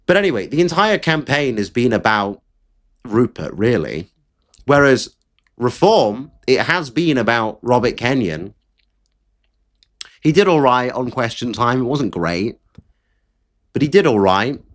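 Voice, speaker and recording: A man's voice: medium pitch, very animated, a little slow, pauses often. A man hosting political commentary, talking bluntly and with frequent swearing in an exasperated rant. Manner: blunt, profane, exasperated ranting.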